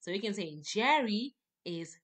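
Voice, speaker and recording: Brief: woman English teacher, unhurried delivery, patient and emphatic, repeats each step. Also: medium pitch, lively intonation, a bit bright. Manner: patient, repetitive, emphatic explanations. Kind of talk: classroom grammar lesson.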